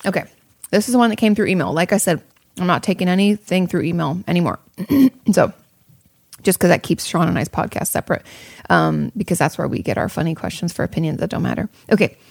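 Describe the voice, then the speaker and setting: A woman's voice: fairly low pitch, lively intonation, quick pace, gravelly, breathy edge, no echo, clean studio sound. A woman therapist giving casual, frank advice to viewers, thinking aloud with plenty of fillers and the odd swear word. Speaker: therapist answering viewer questions.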